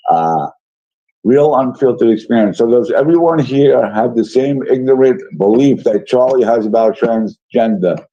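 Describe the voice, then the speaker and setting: A man's voice: medium pitch, expressive, normal speed, dark tone. A man hosting a casual livestream, reading chat messages aloud and answering them in a rambling, apologetic way with many fillers. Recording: dull lo-fi stream audio.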